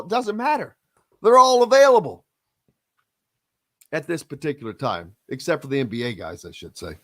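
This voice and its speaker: A man, hosting a casual sports radio talk show with drawn-out, emphatic, opinionated delivery. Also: high voice, no room sound. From Southern Indiana.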